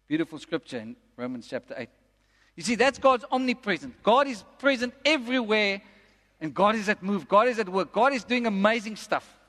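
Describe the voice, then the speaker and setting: Man, pastor, emphatic, repeats phrases, high voice, long hall echo. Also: animated, a bit bright. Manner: emphatic, repeats lines slowly for effect. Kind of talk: sermon. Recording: long reverb of a large hall.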